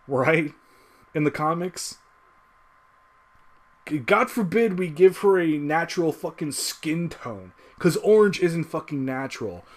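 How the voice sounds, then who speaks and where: A man in a casual solo rant, frustrated and swearing constantly. His voice sits a little high and swings widely as he pushes his points. The delivery is loose and emphatic, full of restarts and fillers. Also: unhurried. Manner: profane, heated, lively swings in pitch. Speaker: video creator.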